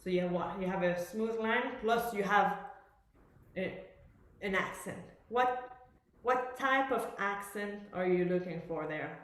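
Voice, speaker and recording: A woman's voice: mid-range voice, measured pace, fairly bright tone. Woman coaching in a very echoey room. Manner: explanatory, searching for words with many fillers. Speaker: master class teacher. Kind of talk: coaching a music student. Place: music school room.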